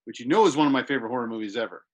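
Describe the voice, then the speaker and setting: A man's voice: medium pitch, expressive, very fast, highs cut off. A man co-hosting a podcast, chatting casually about movies and giving emphatic opinions. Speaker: podcast co-host. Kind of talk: casual movie review chat.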